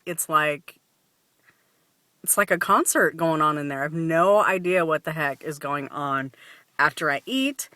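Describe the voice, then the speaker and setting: A woman chats casually into the camera in a vlog, her voice bright and a little sharp. She laughs often between thoughts and leans on fillers and restarts. The sound is dry, with no room around it. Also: deep voice, no echo. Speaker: vlogger.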